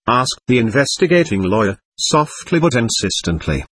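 Husky-voiced male audiobook narrator. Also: mid-range voice, very animated, moderate pace, fairly bright tone, no echo. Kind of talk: classic novel narration.

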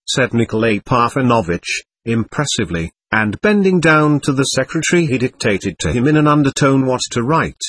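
A man narrating a classic novel as an audiobook in a steady, unhurried way. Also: medium pitch, slightly rough, no echo.

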